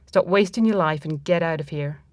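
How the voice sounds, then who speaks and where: A stern, loving grandmother scolds her grandson in a firm, lowish voice, as a woman reading the story puts her on. The sound is dry and close, with no room around it. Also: fairly quick, a little mellow, no echo, close to an everyday voice. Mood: scolding.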